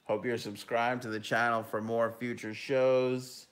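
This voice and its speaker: A young man hosts a live hockey talk stream, reacting to the final goal and reading out viewer messages. His voice sits at an ordinary middle pitch. He breaks into loud, excited bursts. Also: unhurried.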